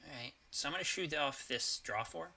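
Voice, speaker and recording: A man's voice: a little high, fairly quick, creaky, sharp tone. Man thinking aloud over a card game. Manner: thinking aloud, hesitant, with fillers and swearing. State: has the hiccups. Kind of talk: casual gameplay commentary.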